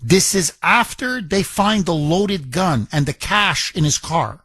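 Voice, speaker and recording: Male talk radio host, high and forceful, dry close studio mic, indignant and stumbling in his rants. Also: expressive, slow, husky, no room sound. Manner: emphatic, indignant, repeats phrases and stumbles on words. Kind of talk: opinionated talk radio monologue.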